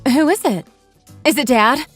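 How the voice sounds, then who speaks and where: A woman's voice: high voice, measured pace, husky, faint music behind. A woman voicing a caring adult daughter in a voice-acted text story, speaking emphatically. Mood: worried.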